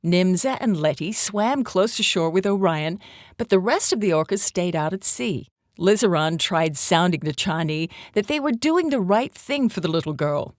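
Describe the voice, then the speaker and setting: A woman reading a children's story aloud in an animated storytelling voice. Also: lowish voice, moderate pace, no room sound, studio quality. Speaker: storybook reader.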